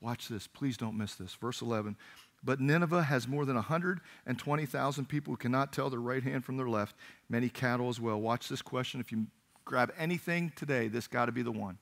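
A man preaches to his church, retelling a Bible story with lively energy and slipping into the voices of its characters. His voice sits in a middle pitch and has a gravelly edge. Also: brisk. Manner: animated storytelling, acting out voices of biblical characters. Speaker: pastor. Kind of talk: sermon.

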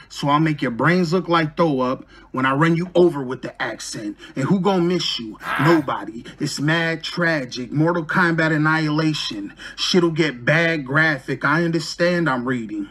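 A man's voice: fairly high pitch, a bit bright. A man reading his battle rap verse from notes, mocking his opponent with punchline after punchline. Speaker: battle rapper.

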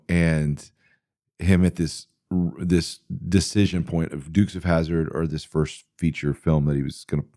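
A middle-aged man hosting a podcast, telling stories in a rambling, animated way with many fillers. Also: a bass voice, dry recording, clean studio sound. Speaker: podcast host answering listener questions. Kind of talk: casual interview talk.

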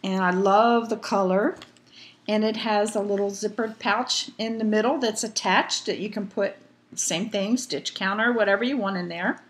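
A woman talks at home in a loose, chatty way. She wanders from one thought to the next with lots of "um"s and restarts, showing off her knitting. Her pitch sits in the middle range. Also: fairly even intonation, moderate pace. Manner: rambling, chatty, many fillers. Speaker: knitting vlogger. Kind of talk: casual chat.

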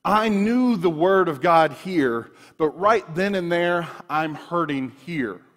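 A man preaching a sermon, telling personal stories in an animated way with frequent restarts, in a church sanctuary. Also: a little high, slow. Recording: long reverb of a large room.

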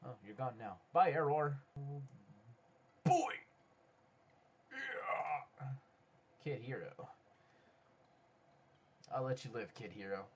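A man doing casual let's-play commentary, excitable, swearing and talking to other players, swinging from low mutters to sudden yells. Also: takes it slowly, pauses often, lo-fi sound, slight background noise. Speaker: gaming YouTuber. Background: faint background music.

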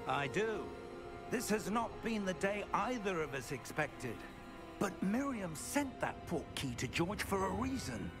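An actor playing a calm, earnest older male professor mentor in a video game, speaking in a measured and courteous way. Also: sits high. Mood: solemn. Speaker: game character. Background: game music.

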